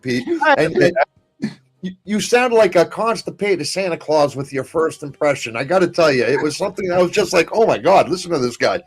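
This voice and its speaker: A man's voice: a little high, lively intonation, fairly quick, husky. Laughing, swearing man in casual chat. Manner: laughs often, swears casually, repeats himself. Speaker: podcast guest.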